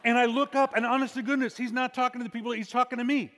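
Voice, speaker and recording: A man preaching as pastor, telling stories with frequent restarts and hushed dramatic drops. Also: extremely high pitch, flat delivery, fast talker, big-room sound, slight background noise. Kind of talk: sermon.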